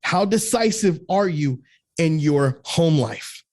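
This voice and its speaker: Emphatic higher-voiced male host. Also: animated, slow pace, a little mellow. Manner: emphatic, repeats words when building a point. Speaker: podcast host. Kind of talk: motivational talk to men.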